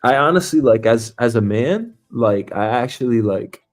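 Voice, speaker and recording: A man's voice: mid-range voice, expressive, moderate pace, soft background music. A man hosting a news talk stream as a comedian, rambling and swearing freely, with lots of filler words. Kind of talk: casual profane commentary.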